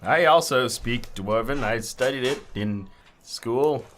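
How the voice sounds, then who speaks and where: Male player, understated and deadpan, mid-pitched. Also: slow pace, slight background noise. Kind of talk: casual tabletop play.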